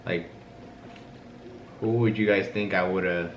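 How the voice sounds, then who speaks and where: A man's voice: deep voice, fairly even intonation, measured pace, long pauses, muffled recording. A young man chatting casually in a laid-back, hesitant way as a vlogger. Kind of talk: casual chat. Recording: echoey room, faint hiss.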